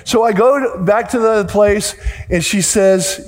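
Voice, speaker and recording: A man preaching a sermon, telling a story and acting out the dialogue in lively fashion. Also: high voice, unhurried. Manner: animated, acts out dialogue in the story. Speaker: pastor. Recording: long hall reverb.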